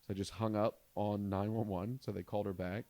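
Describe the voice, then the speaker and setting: Low-voiced comedian telling a rambling story. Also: male voice, a little fast, no echo. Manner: rambling, animated storyteller who acts out quotes. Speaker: comedian podcast host. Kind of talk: casual storytelling chat.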